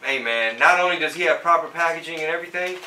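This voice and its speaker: A man's voice: on the high side, fast, distant mic. A man hosting a live stream as a comedian, chatting casually in slang and dropping into Spanish. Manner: slangy, switches into Spanish for bits. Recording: echoey room, voice a bit off-mic, faint noise.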